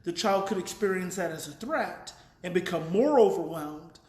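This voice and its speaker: A man's voice: high-pitched, expressive, normal speed, a little mellow, roomy sound. A man hosting a daily live parenting talk, explaining earnestly in a casual way and thinking aloud with restarts while reading viewer comments.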